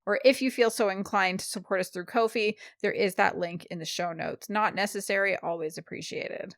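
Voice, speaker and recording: A woman's voice: medium pitch, steady tone, brisk, a bit bright, no room sound, studio quality. A woman co-hosting a podcast, chatting casually and teasing, then reading the show's sign-off. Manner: teasing, reads sign-off smoothly. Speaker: podcast co-host. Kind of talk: casual chat and show outro.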